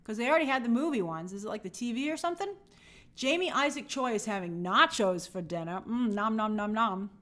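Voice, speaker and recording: A woman's voice: on the high side, very animated, fast talker, fairly bright tone. A woman hosting a live stream, chatting casually and greeting viewers by name in an upbeat, friendly way.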